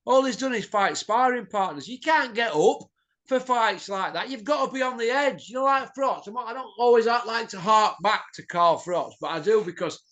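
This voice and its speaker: A man's voice: high voice, fairly bright tone. A middle-aged man, hosting a boxing show and ranting bluntly, swearing and tossing in tag questions. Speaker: boxing pundit host. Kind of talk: opinionated ranting chat.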